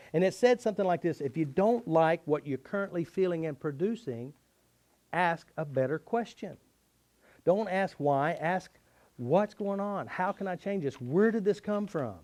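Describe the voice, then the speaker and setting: An earnest middle-aged man tells a personal story while he teaches his therapy method. His voice sits at a middle pitch, and his emphasis rises and falls as he talks through old hurts. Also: a little mellow. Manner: earnest, confessional, with shifting emphasis.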